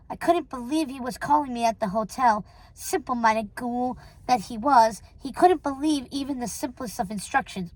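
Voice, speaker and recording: A woman reading a novel aloud in a steady way, with small stumbles and self-corrections. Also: on the high side, normal speed, dry recording, low-quality recording. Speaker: reader.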